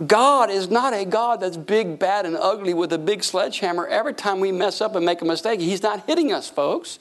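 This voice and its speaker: A middle-aged man preaching a sermon, telling stories and acting out voices in a jokey, animated way. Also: sits high, brisk. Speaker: pastor. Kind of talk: lively sermon with storytelling.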